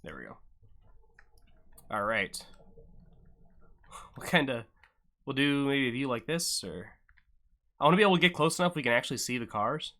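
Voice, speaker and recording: Young male stream host; bright, punchy tone, loose joking commentary, pokes fun at himself. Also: mid-range voice, expressive, moderate pace, long pauses. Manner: joking banter with chat, self-deprecating. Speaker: livestream host and event commentator. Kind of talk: casual live-stream commentary.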